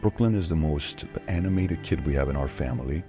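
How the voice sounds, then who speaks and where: Man with an extremely low voice, interview guest, animated storyteller who voices every line of dialogue. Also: a little fast, faint music behind. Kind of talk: personal storytelling in a podcast interview.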